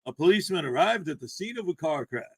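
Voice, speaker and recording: A man's voice: fairly high pitch, lively intonation, fast talker, husky. A man hosting a casual morning livestream, joking around and greeting viewers by name. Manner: jokey, playful, shouts out viewers by name. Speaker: livestream host. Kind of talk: casual live-chat greetings.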